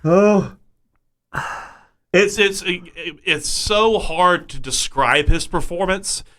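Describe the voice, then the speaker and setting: A high-voiced man gives amused commentary in a casual podcast conversation. His voice is bright and forward. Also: extremely slow. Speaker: podcast co-host. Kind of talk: casual movie-review chat.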